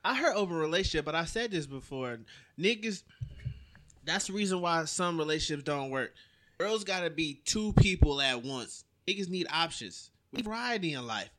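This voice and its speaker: A man's voice: on the high side, expressive, moderate pace, fairly bright tone. A man co-hosting a casual podcast, joking and interjecting in a playful way. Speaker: podcast co-host. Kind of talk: casual chat.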